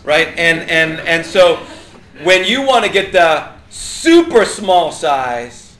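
Teaching a Bible class with plenty of energy, this man jokes, laughs and keeps asking the group questions. He talks slowly in a voice on the high side, recorded in an echoey space with faint ambient sound.

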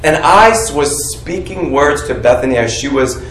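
A man preaching a sermon, calling on the congregation to finish his sentences and shout out answers. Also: mid-range voice, moderate pace, slight background noise. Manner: animated, coaxes the congregation to call out answers. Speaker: pastor. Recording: echoey room, heard from a distance.

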